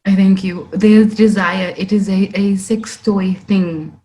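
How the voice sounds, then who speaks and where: A young woman, hosting a podcast in casual, animated chat. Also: mid-range voice, slow, slight background noise, rough recording. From South Africa. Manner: animated, exclamatory, laughs often. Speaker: podcast host.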